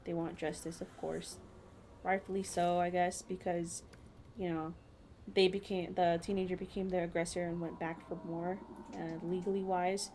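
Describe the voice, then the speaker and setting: A woman's voice: on the low side, level tone, normal speed, warm tone, slight background noise. A woman co-hosting a casual podcast chat, telling stories bluntly with plenty of swearing. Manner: blunt, profane, rambling storyteller. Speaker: podcast co-host.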